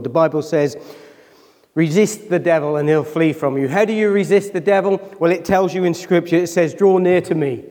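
A man's voice: a little high, normal speed, a little mellow, in a large hall. A man preaching a sermon as pastor. He talks emotionally, nears tears, and keeps asking his congregation questions. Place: church hall.

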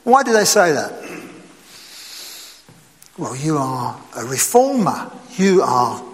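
Animated preacher in an echoing hall. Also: male voice, on the high side, slow pace. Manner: animated, conversational, with rhetorical questions. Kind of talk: sermon.

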